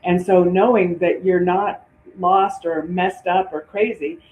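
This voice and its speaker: A woman's voice: lowish voice, fairly even intonation, a little slow, a little hiss or hum. A woman guest speaks on a podcast over a thin, phone-like line. Her voice rings in a roomy, echoey space. She explains earnestly, restarting phrases as she goes. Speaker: guest author and coach. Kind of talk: podcast interview.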